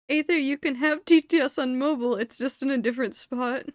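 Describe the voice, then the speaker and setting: A woman's voice: high-pitched, fairly even intonation, brisk, no echo, studio quality. Woman streamer, casual rambling chat, playful and self-deprecating. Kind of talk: casual chat while gaming.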